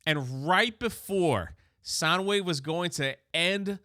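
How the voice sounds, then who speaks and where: A man hosting a comic book channel, recapping an issue in a chatty, excited way and often restarting his words. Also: fairly high pitch, slow pace, no room sound, clean studio sound.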